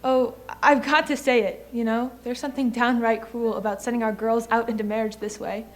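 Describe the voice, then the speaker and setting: A woman's voice: a little high, level tone, brisk, natural voice. A young woman in a school play, acting a tearful middle-aged mother on stage. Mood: tearful, rueful. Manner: stage acting, rueful and weepy. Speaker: student actor in a school play.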